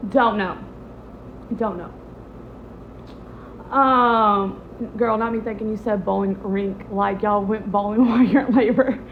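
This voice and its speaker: A young woman, casually telling a personal story and acting out the quotes with lively jumps in her voice. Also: moderate pace, slight background noise. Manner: animated, acts out quotes with big pitch jumps. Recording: echoey, slightly muffled room audio.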